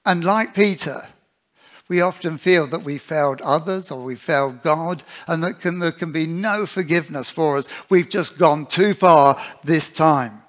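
A man's voice: a little high, a little slow, a bit bright. A man preaching a sermon in an earnest way, often putting rhetorical questions to his listeners.

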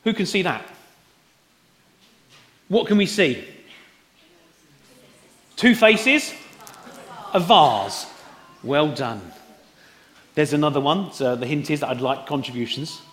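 A man's voice: a little high, expressive, takes it slowly, long pauses, a bit bright, slight background noise. A man preaching an Easter sermon, talking conversationally and putting questions to the congregation. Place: church hall. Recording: roomy hall echo.

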